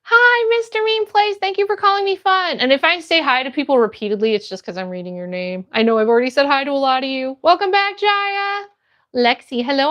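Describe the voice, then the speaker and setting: A woman's voice: sits high, lo-fi sound. A young woman hosting a casual phone livestream, bubbly and greeting viewers by name as she reads the chat. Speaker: livestream host reading chat. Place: home, phone stream.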